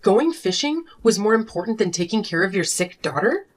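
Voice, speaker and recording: A woman voicing a furious wife and mother who confronts her selfish husband in an animated drama. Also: medium pitch, moderate pace. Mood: accusing. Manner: sharp, accusing, confrontational. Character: fed-up wife and mother demanding divorce. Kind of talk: animated story voice acting.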